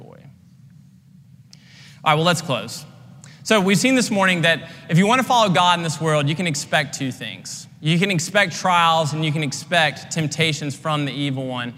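Earnest young pastor with a bright voice. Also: male voice, a little high, lively intonation, moderate pace, big-room sound. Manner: earnest, conversational, frequent "like" fillers. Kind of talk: sermon.

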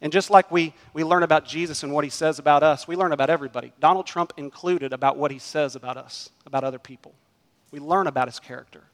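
A man preaching a sermon as pastor, emphatic, swinging between loud stresses and quiet drops. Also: a little high, quick pace. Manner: emphatic preaching, rising and dropping in volume. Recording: long hall reverb.

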